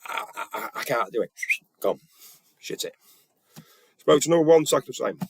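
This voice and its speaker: A man's voice: mid-range voice, lively intonation, fairly quick, gravelly, husky, no echo. A man telling a story in a casual monologue, retelling conversations bluntly and earnestly. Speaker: vlogger.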